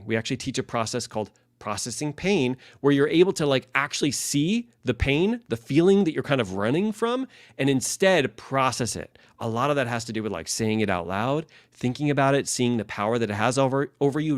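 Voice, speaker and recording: A man's voice: medium pitch, dry recording, clean studio sound. A man, a leadership and life coach, teaching casually with many fillers and restarts and acting out sample phrases.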